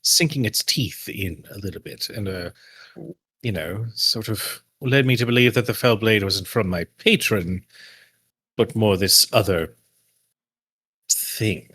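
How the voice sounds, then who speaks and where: A man's voice: lowish voice, measured pace, long pauses, sharp tone, slightly rough, no room sound. A young man playing a character in a tabletop game, joking and laughing often. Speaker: player. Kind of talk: tabletop role-play banter.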